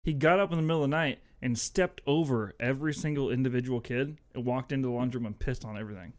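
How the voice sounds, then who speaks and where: Profane joking podcast dad. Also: male voice, mid-range voice, fast. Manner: profane, jokey anecdotes. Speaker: podcast co-host. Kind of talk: casual chat, storytelling.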